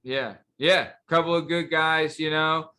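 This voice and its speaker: A man's voice: a little high, steady tone, a little slow, sharp tone. A man hosting a podcast, chatting casually and reacting with enthusiastic, profane remarks. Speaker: podcast host. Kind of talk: casual interview chat.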